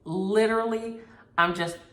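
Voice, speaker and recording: A woman hosting a needlework vlog, telling a story in an animated, exasperated way. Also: mid-range voice, a little slow. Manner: animated, exasperated storytelling with Southern turns of phrase. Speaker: flosstube host. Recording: echoey room.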